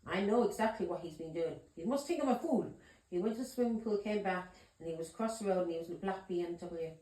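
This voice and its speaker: A woman's voice: on the low side, quick pace, warm tone. A woman tarot reader telling a story to camera in a casual way. She is emphatic, swears and keeps checking in with her listeners. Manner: emphatic, swears, keeps asking "yeah?" and "do you understand me?". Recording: roomy echoey room.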